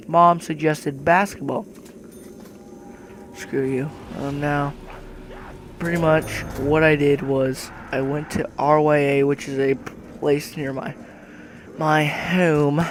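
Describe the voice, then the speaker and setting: A man's voice: a little high, flat delivery, slow pace, pauses often, background noise. A male speaker casually telling a story about starting a sport, with joking, offhand asides.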